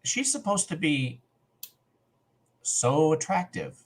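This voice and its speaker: Podcast co-host, male, animated and lively, slips into quoted voices. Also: fairly high pitch, slow pace, creaky, husky. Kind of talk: casual chat.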